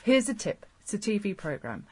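A woman with a southern English accent co-hosts a podcast, laughing easily and reading listener feedback with strong emphasis. Her voice sits at a middling pitch. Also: big pitch swings, fairly quick, a little mellow, breathy edge. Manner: giggly, emphatic. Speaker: podcast co-host.

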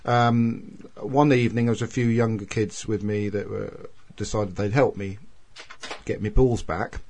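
A man's voice: fairly low pitch, steady tone, unhurried, darkish tone, slight background noise. A man, co-hosting a casual podcast chat and telling a long, rambling anecdote. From Wales. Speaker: podcast co-host.

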